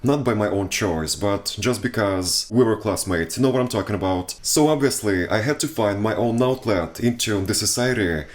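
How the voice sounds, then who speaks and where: A man's voice: lowish voice, moderate pace, hardly any pauses. A young man from Russia with a Russian accent, telling childhood stories in a chatty, self-mocking way and laughing often. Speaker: vlogger. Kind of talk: casual storytelling.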